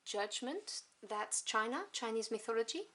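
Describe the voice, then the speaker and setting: A woman casually reviewing a tarot deck at home, chatty and enthusiastic, with soft asides as she flips through the cards. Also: fairly high pitch, lively intonation, normal speed. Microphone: camera on tripod. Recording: noisy home recording with clicks.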